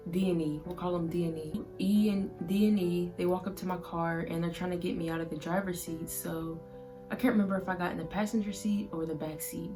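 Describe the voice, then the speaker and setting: Woman vlogger, low even voice, halting emotional story, soft guitar music under it. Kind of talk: personal storytelling to camera.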